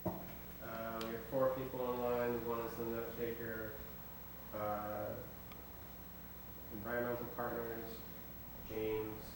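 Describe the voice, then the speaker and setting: Man, far from mic, monotone, very echoey noisy room. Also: mid-range voice, takes it slowly, pauses often. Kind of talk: public meeting remarks. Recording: distant echoey room with noise.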